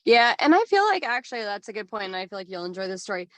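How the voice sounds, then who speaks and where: A woman talks openly as a podcast guest, in a relaxed and rambling way that is full of "like". Her voice sits at an average pitch and sounds dry and close, with no room echo. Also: racing. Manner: candid, chatty, peppered with "like". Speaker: podcast guest, business owner. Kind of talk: casual chat.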